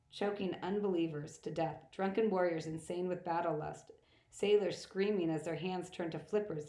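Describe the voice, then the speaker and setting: A woman narrating a novel in the first person with plain, even storytelling, recorded in an echoey room. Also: fairly low pitch. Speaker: audiobook reader.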